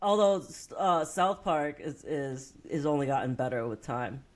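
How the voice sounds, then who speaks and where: A woman's voice: low-pitched, normal speed. A young woman co-hosting a movie podcast, telling stories in a rambling way, full of "like" fillers, swearing and laughter. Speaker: podcast co-host. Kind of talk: casual movie-review chat.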